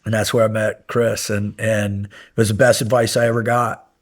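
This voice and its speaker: A man's voice: lowish voice, normal speed, slightly rough. A middle-aged man, a former military instructor, telling stories casually in an interview, rambling with many fillers and swearing when he gets worked up. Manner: rambling anecdotes with many fillers, profane and animated when recounting yelling. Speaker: podcast guest, former SEAL instructor.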